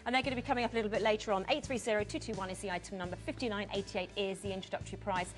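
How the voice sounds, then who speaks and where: A woman's voice: medium pitch, steady tone, rapid-fire, faint music behind, rough recording. A woman presenting on a shopping channel, chatty, reading out prices and item numbers. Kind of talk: television presenting.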